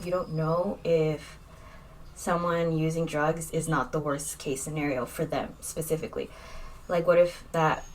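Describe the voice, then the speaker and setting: A woman's voice: fairly low pitch, a little hiss or hum. A young woman chatting casually in a makeup vlog, rambling and candid, with lots of fillers as she talks. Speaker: vlogger.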